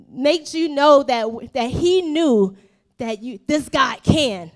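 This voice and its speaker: A woman pastor preaches with a high, bright voice, animated and full of humor. She repeats phrases for emphasis and slips into playful voices of people in the story, keeping her listeners hooked. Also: moderate pace. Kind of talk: sermon.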